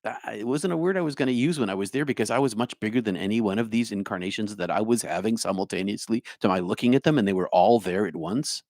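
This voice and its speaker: A man's voice: on the low side, fast talker, hardly any pauses, a little mellow, dry recording, studio quality. A middle-aged man with a New Jersey accent, a spiritual speaker answering his live chat by name, musing and humming to himself. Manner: musing, talks to viewers by name, hums to himself. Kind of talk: livestream chat reply.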